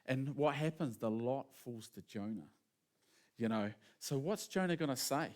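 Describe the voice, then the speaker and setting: A man preaching a sermon in a casual, animated storytelling manner, acting out quotes as he goes. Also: mid-range voice, measured pace.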